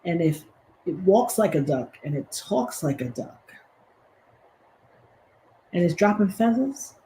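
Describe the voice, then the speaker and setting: A woman's voice: lowish voice, lively intonation, slow, mellow, a little hiss or hum, low-quality recording. A woman hosting a livestream. She talks emphatically and preaches, with sassy asides. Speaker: commentary host. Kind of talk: animated livestream commentary.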